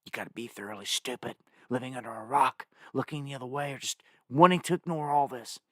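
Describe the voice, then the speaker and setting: A man's voice: mid-range voice, fast, sharp tone, no echo, clean studio sound. Urgent, emphatic male live-stream host. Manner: urgent, emphatic, talks straight at viewers; reads place lists off the screen. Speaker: live news show host.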